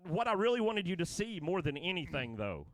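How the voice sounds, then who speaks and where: A man's voice: high-pitched, brisk, dry recording. A man co-hosting a casual chat show, rambling and laughing as he tells stories. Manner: rambling, laughing, excitable storytelling. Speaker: podcast co-host.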